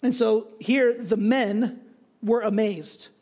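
A man preaches in a very high voice, loose and conversational, acting out little scenes as he goes. He keeps checking in with his listeners, dropping "right?" after his points. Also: takes it slowly. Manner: conversational, animated, often tags lines with "right?". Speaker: pastor. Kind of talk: sermon.

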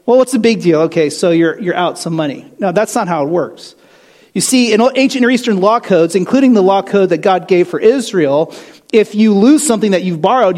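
A man preaching a sermon in a conversational, animated way, full of rhetorical questions and asides. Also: high-pitched. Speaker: pastor.

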